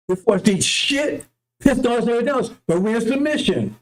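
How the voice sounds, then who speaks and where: Very high-pitched and animated, a male preacher delivers a brisk, unscripted sermon-style monologue full of heat and profanity. He often repeats himself, tossing out "right?" and "see?"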